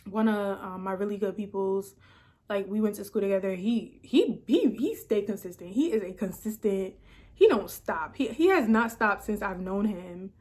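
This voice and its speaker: A woman's voice: mid-range voice, normal speed. Woman content creator, 30s, casual chatty vlog delivery, emotional and upbeat. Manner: excited, emotional, chatty with fillers.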